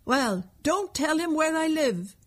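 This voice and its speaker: A woman voicing a frightened young boy in a storybook reading, with a breathy, pleading voice. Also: sits high, animated, slow pace, voice pushed up. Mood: urgent. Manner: pleading, tearful.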